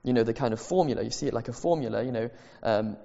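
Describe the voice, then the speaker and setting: A man's voice: medium pitch, fast, vocal fry, mellow. A man preaches to his congregation, earnest and insistent, circling back to the same phrases to drive them home. His mid-range voice carries a long reverb through the church. The sound is dull and lo-fi. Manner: earnest, repeats key phrases for emphasis. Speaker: pastor. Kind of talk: sermon. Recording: echoey hall, dull lo-fi sound.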